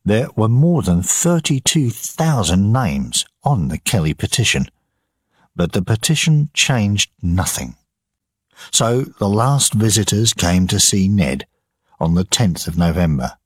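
A man narrating an audiobook for learners in a slow, measured reading. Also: low-pitched, expressive, slightly rough, no room sound, clean studio sound.

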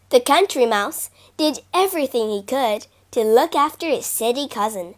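A woman reading children's fables aloud as a storyteller, expressive and animated. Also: fairly high pitch, normal speed, hardly any pauses.

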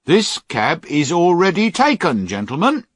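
A man's voice: fairly high pitch, wildly swooping pitch, measured pace, no room sound, clean studio sound, pitched above the performer's own voice, exaggerated voice. A man voicing a kind, firm male cab driver in a storybook reading. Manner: firm and kindly.

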